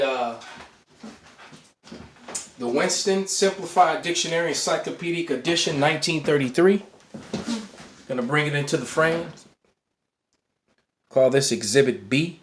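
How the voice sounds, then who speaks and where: Halting man teaching in a roomy room. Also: medium pitch, a little hiss or hum. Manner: halting, restarts words, frequent "all right" check-ins. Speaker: bible teacher. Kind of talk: casual teaching to camera. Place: indoor room. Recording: roomy echo.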